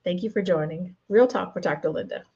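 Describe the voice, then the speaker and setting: A woman host speaks to camera with a mellow, slightly husky voice. She coaches her viewers in an easy, conversational way. The sound is a little dull and lo-fi, like a livestream. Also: on the low side, fairly quick. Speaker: host and personal development coach. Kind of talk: motivational talk to camera.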